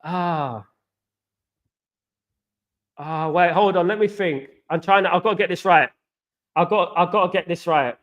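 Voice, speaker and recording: A man's voice: high-pitched, brisk, a bit bright. A man, chatting casually on a live stream as a football fan show host, repeating himself and reading out viewer comments. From East London, England. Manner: repetitive, says absolutely a lot, reads out viewer comments.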